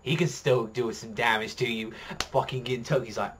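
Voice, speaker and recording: A man giving excited, rambling commentary as a reaction video host, swearing heavily as he talks. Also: medium pitch, normal speed, a little hiss or hum. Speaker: manga reaction youtuber. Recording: faint music behind voice.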